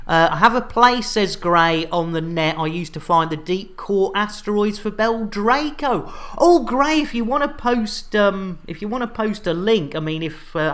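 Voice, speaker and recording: A man's voice: high-pitched, a bit bright. An English man streaming a space game live, chatting and joking with viewers as he reads their messages. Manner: jokey, chatty, banter with viewers.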